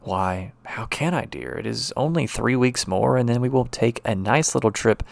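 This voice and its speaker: A man's voice: medium pitch, animated, normal speed, gravelly. A man reading the lines of a condescending husband who is a doctor, soothing but dismissive and talking down to his wife. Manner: soothing yet dismissive, talks down.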